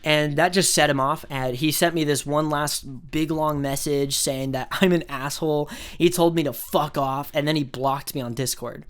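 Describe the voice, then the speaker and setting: Picture a young adult talking straight to camera in a loose storytime rant. The voice sits at an ordinary middle pitch, and the talk runs on with "like" and "um," swear words and scornful little asides. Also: fairly even intonation, moderate pace, hardly any pauses, clear, resonant tone. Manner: rambling, filler-heavy, profane, with scornful asides. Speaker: vlogger.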